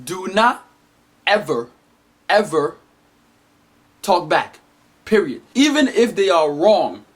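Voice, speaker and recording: A man delivering an animated, emphatic comedic monologue as a vlogger. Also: sits high, slow pace, pauses often.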